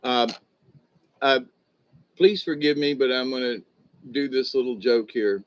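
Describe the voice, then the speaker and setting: An older man drawls slowly through a meandering spiritual talk, pausing on fillers and restarting his sentences. His speech is softened by missing teeth, and the stream audio sounds dull and lo-fi. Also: medium pitch. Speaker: spiritual teacher. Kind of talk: rambling livestream talk.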